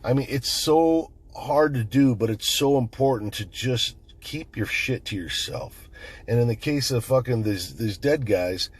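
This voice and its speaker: Husky, swearing middle-aged man. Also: medium pitch, unhurried. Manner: blunt, swears constantly, storytelling. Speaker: channel host. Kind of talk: profane casual monologue.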